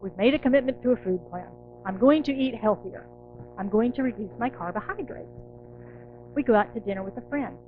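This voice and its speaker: A middle-aged woman minister giving a conversational, animated sermon, acting out inner voices. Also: fairly high pitch, brisk, narrow, tinny audio, faint music behind. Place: church sanctuary.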